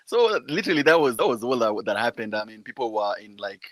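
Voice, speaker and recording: A man's voice: medium pitch, very animated, fast, a bit bright, no echo. A man, a guest answering an interview question in a reflective, hesitant way, mixing English and Swahili.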